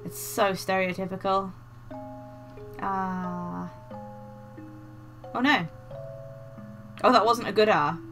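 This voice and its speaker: A woman's voice: mid-range voice, fairly even intonation, slow pace, pauses often. A woman hosting a let's play, chatting casually, reading game text aloud and joking. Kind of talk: casual gameplay commentary. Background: game music.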